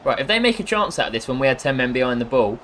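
A man's voice: medium pitch, sing-song, rapid-fire, fairly bright tone. A man joking and grumbling his way through casual football game commentary. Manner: sarcastic and jokey, with bursts of frustration. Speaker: gaming commentator.

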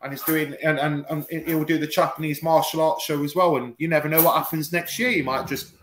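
A man's voice: a little high, fairly even intonation, brisk, a bit bright, slight background noise. A man, a martial arts guest on a talk show, telling stories in casual banter, swearing, mimicking people and laughing often.

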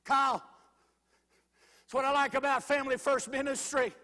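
A man preaching a Pentecostal sermon as a guest speaker, swinging between shouted declarations and quiet storytelling. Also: very high-pitched, flat delivery, moderate pace. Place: large church sanctuary. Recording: church hall with long reverb.

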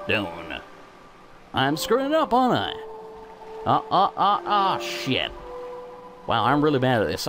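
A young man hosting a let's play, commenting in a sweary, self-mocking, excitable way. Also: medium pitch, noisy background. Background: faint game music.

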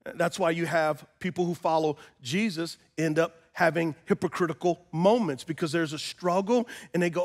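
A male pastor, middle-aged, preaching with a high-pitched voice. He tells stories in a calm tone and then rises into loud, impassioned calls. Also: normal speed, few pauses. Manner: builds from calm storytelling to loud, impassioned crying out. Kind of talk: sermon.

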